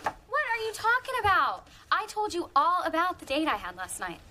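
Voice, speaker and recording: A woman's voice: extremely high pitch, wildly swooping pitch, normal speed, background noise, exaggerated voice. An actress playing a sarcastic, wisecracking young woman in a sitcom. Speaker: sarcastic roommate. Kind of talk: sitcom acting.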